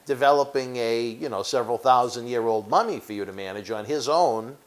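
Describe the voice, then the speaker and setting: A man's voice: medium pitch, brisk. A man hosting an interview, asking long, wandering questions in a casual tone. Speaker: interview host.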